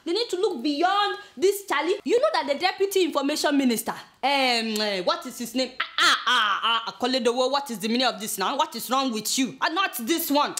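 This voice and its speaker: A woman's voice: sits high, a little fast, hardly any pauses, pushed and bright. A woman with a Nigerian accent hosting a satirical news commentary, mocking and exclaiming and talking back to her crew. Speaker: host.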